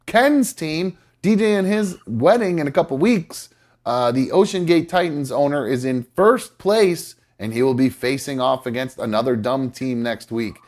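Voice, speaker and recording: A man's voice: mid-range voice, expressive, normal speed, darkish tone. A man hosting a live podcast, chatting loosely and swearing casually. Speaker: podcast host. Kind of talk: casual chat.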